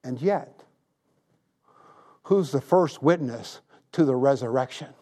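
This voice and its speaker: A man's voice: mid-range voice, slow pace, dark tone. A man in his sixties preaching a sermon, retelling a story with emphasis and making earnest appeals. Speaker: pastor.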